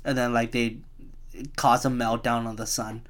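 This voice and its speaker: A man's voice: mid-range voice, level tone, normal speed, a bit bright. A man in his twenties hosting a solo podcast, rambling through a rant with a chuckling, profane, self-mocking manner. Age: 20s. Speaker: podcast host.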